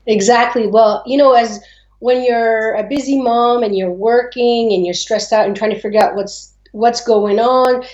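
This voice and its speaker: A woman's voice: on the high side, fairly even intonation, moderate pace, darkish tone. A woman from America speaking as a guest over a video call, earnest and a little hesitant. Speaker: interview guest. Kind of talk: casual interview on a video call. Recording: echoey, dull video-call audio.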